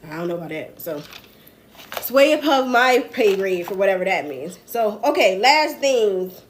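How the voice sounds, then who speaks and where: A woman's voice: mid-range voice, sing-song, normal speed, a little hiss or hum. A woman hosting a political livestream in casual chat, rambling and talking in dialect to her viewers. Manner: chatty, rambling, speaks in dialect.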